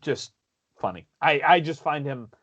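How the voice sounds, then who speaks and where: A man's voice: fairly high pitch, animated, a little slow, a bit bright, lo-fi sound. Rambling New podcast man. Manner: rambling, restarts, enthusiastic. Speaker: podcast co-host. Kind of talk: casual chat.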